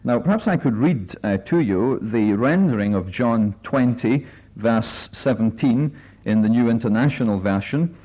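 A man leading a Bible study meeting, speaking in a careful, measured way with many filler pauses as he reads and explains passages. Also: mid-range voice, lively intonation. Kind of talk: measured sermon-style talk with readings. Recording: dull lo-fi recording.

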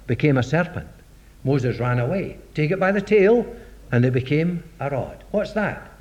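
A man's voice: fairly high pitch, animated, moderate pace, a little mellow. A man preaching a sermon in a dramatic, rhetorical way, acting out the voices of scripture. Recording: dull lo-fi recording.

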